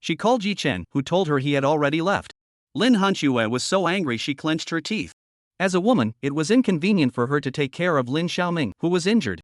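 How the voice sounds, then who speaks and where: A man's voice: on the high side, expressive, fairly quick, no echo, clean studio sound. A man narrating a comic story recap in a scripted, dramatic storytelling style.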